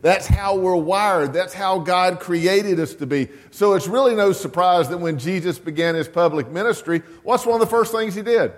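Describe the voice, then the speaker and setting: Male pastor, slightly high voice, easygoing sermon delivery, long church reverb. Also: moderate pace, hardly any pauses. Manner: conversational, chuckling, asks the congregation questions. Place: church sanctuary.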